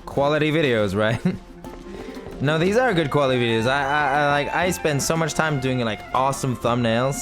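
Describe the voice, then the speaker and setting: A man gives playful let's play commentary as a gaming YouTuber, reading game text aloud and laughing at himself at a normal pace in a mid-range voice. He's close to a mic in front of his face, with game music in the background.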